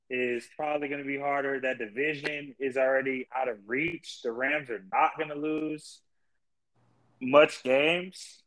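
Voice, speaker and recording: A young man co-hosting a casual sports podcast, ranting in exasperation and swearing constantly, his pitch jumping high when he gets worked up. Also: a bit bright, poor audio. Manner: profane, exasperated ranting with big pitch jumps. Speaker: podcast co-host.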